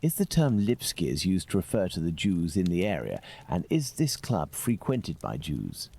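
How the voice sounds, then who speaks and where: An actor playing Sherlock Holmes, a sharp detective who questions people in a measured, pointed way in a video game. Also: male voice, sits low, wildly swooping pitch, creaky, slightly rough, exaggerated voice. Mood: inquiring.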